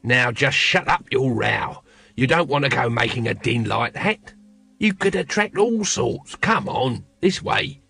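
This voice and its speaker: A man's voice: medium pitch, animated, unhurried, gravelly, bright, forceful tone, dry recording, full character voice. A man voicing a lazy, cynical watchman who mumbles and rambles evasively. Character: shifty seasoned male watchman, lazy and cynical.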